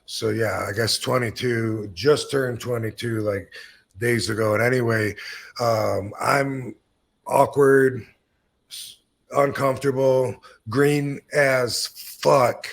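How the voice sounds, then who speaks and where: A man in his fifties tells a story on his own podcast, loose and rambling, with plenty of swearing. His voice sits at a middle pitch and carries a gravelly, fry-edged texture. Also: steady tone, slow pace. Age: 50s. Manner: laid-back, swears freely, rambling with fillers. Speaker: podcast host. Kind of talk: casual storytelling.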